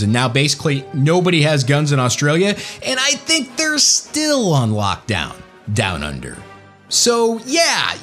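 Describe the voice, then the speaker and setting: A man's voice: a little high, fairly bright tone. A man hosting a ranting political commentary in a sarcastic, emphatic, jokey way. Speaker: commentary host.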